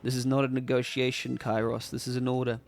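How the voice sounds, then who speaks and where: A man's voice: mid-range voice, monotone, quick pace, vocal fry, lightly acted. Guy doing a proud king voice, solemn and commanding. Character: proud defiant middle-aged king.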